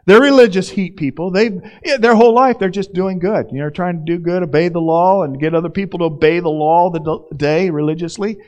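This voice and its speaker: A male pastor gives a conversational sermon with a fairly high voice. He acts out the scenes he tells as he goes. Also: a little fast, hardly any pauses, a little mellow, lo-fi sound.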